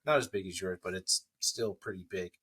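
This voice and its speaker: A man's voice: low-pitched, normal speed, a bit bright, husky. A young man co-hosting a podcast, chatting casually and retelling little home moments vividly. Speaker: podcast co-host. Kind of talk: casual chat.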